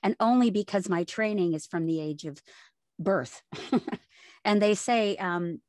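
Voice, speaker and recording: A woman, chatting as a voice actor guest in an interview, lively and explaining with examples. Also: medium pitch, a little slow, dry recording, clean studio sound. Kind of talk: casual interview chat.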